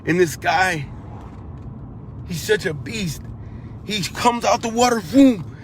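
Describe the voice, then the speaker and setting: Man with a somewhat high voice recounting events in earnest, repetitive and urgent. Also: expressive, slow pace, a little hiss or hum. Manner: earnest, repetitive, grows urgent while retelling; repeats phrases and restarts. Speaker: eyewitness. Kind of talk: emotional first-person recounting.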